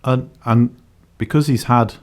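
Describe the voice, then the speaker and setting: A man, co-hosting a book review in casual chat, relaxed and agreeable with frequent yeahs. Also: medium pitch, measured pace.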